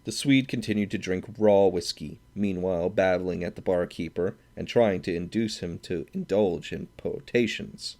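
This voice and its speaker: A man narrating a classic short story aloud in a measured, steady audiobook reading. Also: deep voice. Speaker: audiobook reader.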